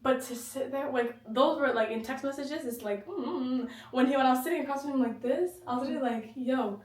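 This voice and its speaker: A young woman co-hosting a casual podcast chat, animated and joking, often trailing off and restarting. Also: high-pitched, quick pace. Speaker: podcast co-host. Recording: roomy echo, mic at a distance.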